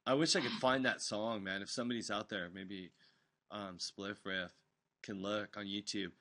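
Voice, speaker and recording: Animated rambling man telling stories. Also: fairly low pitch, normal speed. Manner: rambling, animated storytelling with profanity. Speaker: host. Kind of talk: casual chat. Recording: recorded live on an online stream.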